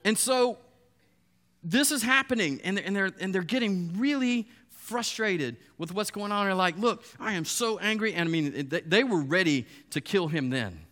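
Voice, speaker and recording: A man preaching a sermon, retelling the story in a lively, storytelling way and acting out the voices of the people in it. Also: sits high, moderate pace. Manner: storytelling, animated, acts out quoted voices. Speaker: pastor.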